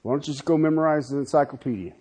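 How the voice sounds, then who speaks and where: A man's voice: on the high side, racing, darkish tone, husky. A man preaching a sermon, emphatic and full of rhetorical questions, often stopping to check in with his listeners. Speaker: pastor.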